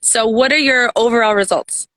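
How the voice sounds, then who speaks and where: A woman's voice: a little high, normal speed, fairly bright tone, no room sound. A woman coach hosting a video call interview, encouraging and reflective with her guest. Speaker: host, coach.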